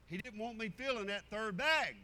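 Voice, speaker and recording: A man's voice: high voice, expressive, moderate pace, sharp tone, poor audio. An older man, preaching a sermon through a rambling, down-home family story full of restarts.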